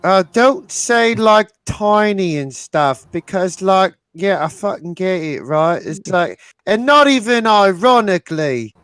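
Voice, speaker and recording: A man's voice: sits high, animated, measured pace, few pauses, fairly bright tone, smooth, no room sound. A man playing a tabletop game, trading in-character jokes with a mock-indignant, profane edge.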